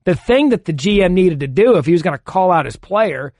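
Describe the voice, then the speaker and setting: Male sports talk radio co-host, argumentative and long-winded, a touch high-pitched, dry studio sound. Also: lively intonation, fairly quick, darkish tone, no room sound. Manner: argumentative, builds long points with analogies.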